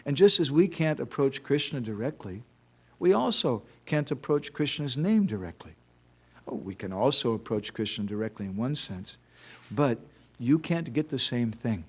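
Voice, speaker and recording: A man's voice: mid-range voice, lively intonation, normal speed, breathy edge. Man, temple lecturer; conversational devotional talk with stories and rhetorical questions. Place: temple hall.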